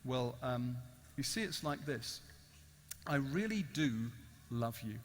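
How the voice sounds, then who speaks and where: A man voicing a gentle, loving male stranger who speaks slowly and softly. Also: mid-range voice, expressive, slight background noise, pitched below the performer's own voice. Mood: tender. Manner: slow, soft, tender. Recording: echoey large hall.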